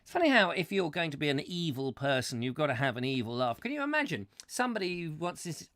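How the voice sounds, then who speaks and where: A man hosting a comic chat show, rambling and ranting excitably while reading out viewer comments. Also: fairly high pitch, quick pace, few pauses, no echo.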